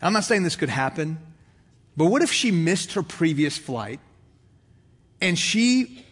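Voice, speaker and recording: A pastor with a notably high, fairly bright voice preaches to his congregation, slipping into little acted voices as he tells an everyday story. A long reverb carries his words, as if in a large church hall.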